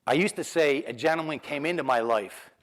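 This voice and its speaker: Animated New Jersey motivational speaker, man. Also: fairly high pitch, brisk. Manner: animated storyteller acting out dialogue, laughing often. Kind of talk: storytelling keynote talk.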